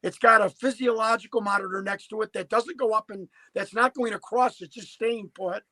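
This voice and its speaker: A man's voice: high voice, fairly even intonation, fairly quick, pushed and bright, dry recording, low-quality recording. A man in his fifties telling a story as a podcast guest, emphatic and prone to repeating and restarting words. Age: 50s. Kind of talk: animated storytelling.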